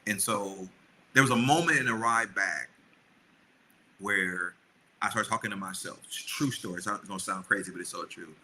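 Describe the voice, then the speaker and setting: Middle-aged man, podcast co-host, earnest and rambling, bright voice, low in pitch, faint room hum. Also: brisk, rough recording. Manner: earnest, rambling with many restarts. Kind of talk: casual chat with his wife.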